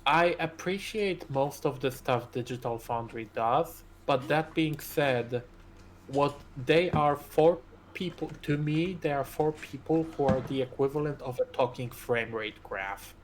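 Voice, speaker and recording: A man's voice: mid-range voice, unhurried, a little hiss or hum. A man co-hosting a casual gaming stream, ranting with heavy profanity and strong opinions.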